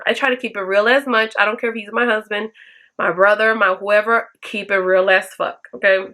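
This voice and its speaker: Speaking directly to her viewers, a woman answers their questions with blunt, profane advice in a casual chat. Her medium-pitched voice is steady, fairly quick, bright and forceful, and she acts out the lines she quotes in a raised voice.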